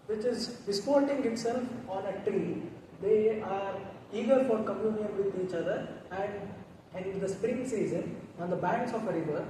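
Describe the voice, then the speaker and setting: A man with an Indian English accent giving a talk on poetry, chanting verses slowly and melodically between explanations. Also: high-pitched, a little mellow. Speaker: guest speaker on Sanskrit poetry. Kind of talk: lecture with recited Sanskrit verses. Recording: echoey hall, distant mic, noticeable noise.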